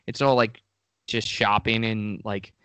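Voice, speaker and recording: A man's voice: lowish voice, level tone, measured pace, pushed and bright, clean tone, dry recording. A man co-hosting a podcast in a laid-back, casual way, full of "dude" and "like," close to a studio microphone. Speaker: podcast co-host.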